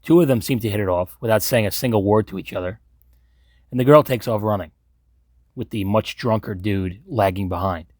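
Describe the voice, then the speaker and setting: A man's voice: fairly low pitch, fairly quick, a little mellow, no room sound, clean studio sound. A man from Long Island, recapping a movie in a blunt, sarcastic way and swearing freely. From Long Island, New York. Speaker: movie commentator. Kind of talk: profane movie recap commentary.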